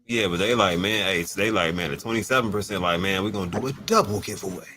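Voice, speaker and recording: A man co-hosting a casual livestream chat, playful and teasing with loud excited bursts. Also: sits low, fast talker, husky. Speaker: livestream co-host.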